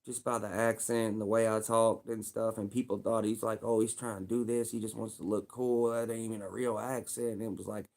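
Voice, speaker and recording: A man's voice: fairly low pitch, flat delivery, brisk, few pauses, a little mellow. A young man with a Louisville, Kentucky accent, talking casually on his livestream in a rambling, repetitive way full of street slang.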